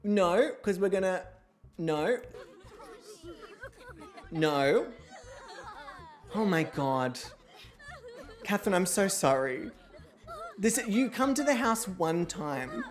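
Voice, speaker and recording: Her voice is lowish, with lively intonation, though she speaks extremely slowly and leaves long pauses. This young streamer hosts an interactive show, chatting, swearing and laughing casually as she plays a life-sim game, while a faint crowd murmurs in the background.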